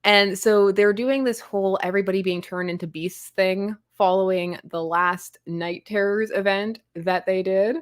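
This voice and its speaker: A woman's voice: medium pitch, fairly even intonation, normal speed, few pauses, no echo. Woman, comics stream host, casual chat, giggly, self-deprecating, dry close sound.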